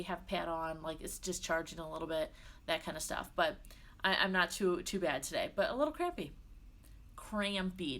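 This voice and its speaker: A young woman vlogging, retelling a personal experience in a chatty, animated way, often saying "like" and laughing. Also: medium pitch. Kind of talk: casual personal vlog storytelling.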